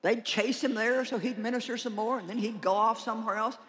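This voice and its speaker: An older woman preaching a humorous conference sermon, animated and joking as she acts out little prayers and conversations. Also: a little high, a little fast.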